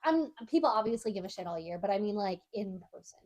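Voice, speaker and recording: A woman's voice: mid-range voice, expressive, quick pace, a little mellow. A woman co-hosting a casual podcast, giving short wry reactions and dry jokes. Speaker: podcast co-host. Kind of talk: casual chat.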